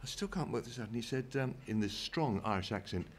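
An older man with an English accent, a former television director telling stories from his career in an interview, unhurried with dry humour. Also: medium pitch, animated, slight background noise. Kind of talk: anecdotal interview talk. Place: event stage in front of an audience.

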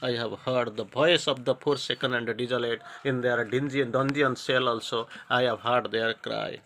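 Bright-voiced spiritual teacher. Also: male voice, mid-range voice, creaky. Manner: recites verse with rising emphasis, then paraphrases haltingly. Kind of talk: explaining a devotional poem line by line.

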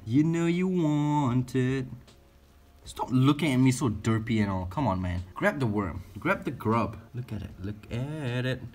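A man hosting a casual feeding vlog, excitable, laughing often and coaxing his animals. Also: on the high side, slightly rough. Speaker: exotic pet keeper and channel host.

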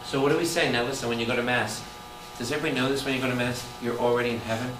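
A man, a Catholic priest, teaching a lively Bible study, firing questions at his listeners and breaking into loud exclamations. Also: mid-range voice, rapid-fire. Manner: animated, quizzes the audience with constant questions, bursts into loud exclamations. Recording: echoey room, distant mic, audible background noise.

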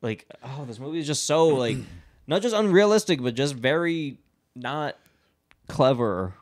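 A man's voice: medium pitch, expressive, a little slow. A man hosting a podcast, casually recapping a movie plot in a rambling, profane way, full of fillers. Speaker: podcast host.

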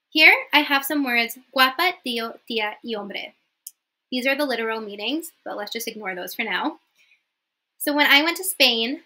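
A woman's voice: a little high, bright, forceful tone. A young woman teaching in a casual vlog lesson, chatty and friendly, often checking in with "okay?" as she explains. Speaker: language teacher.

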